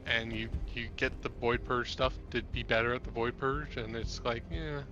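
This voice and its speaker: A man talking over an online voice chat while gaming, thinking aloud and pausing often to find words. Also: mid-range voice, fairly even intonation, muffled recording, over music. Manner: halting, thinks aloud about builds. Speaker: co-player. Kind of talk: casual gameplay chat.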